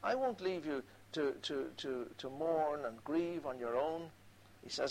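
A man's voice: on the high side, expressive, a little slow, poor audio. A man preaching a sermon, earnestly quoting scripture and repeating key phrases for emphasis.

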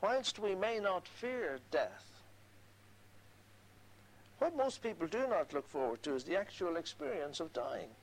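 An older man preaching a sermon, reading scripture slowly and adding conversational asides. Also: high voice, sing-song, poor audio.

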